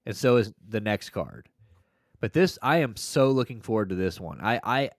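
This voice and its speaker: A man co-hosting a podcast in casual chat, rambling and profane with excitable bursts. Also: on the low side, normal speed, no room sound, studio quality. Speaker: podcast co-host.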